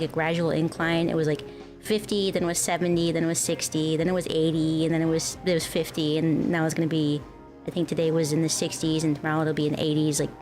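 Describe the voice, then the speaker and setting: A woman's voice: low voice, a little mellow. Giggly young woman chatting with viewers. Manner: rambling and giggly. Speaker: streamer. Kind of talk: casual chat with viewers. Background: faint music.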